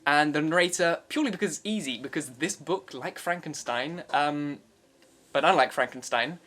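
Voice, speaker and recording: A man's voice: on the high side, moderate pace, a bit bright. A young man, an audiobook narrator, explaining his process in a chatty, upbeat way. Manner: chatty, upbeat, with frequent fillers. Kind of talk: casual explanatory vlog talk.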